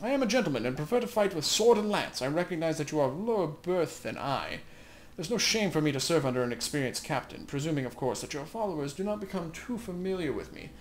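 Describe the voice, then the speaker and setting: Man doing a haughty, pompous young game nobleman, slightly high, faint ambience. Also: very animated, fast talker, a little hiss or hum.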